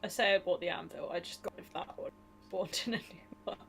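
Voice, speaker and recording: A young woman from Britain co-streaming a game, chatty and quick to laugh. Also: fairly low pitch, vocal fry, background noise. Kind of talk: casual game stream chat. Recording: faint keyboard clicks behind.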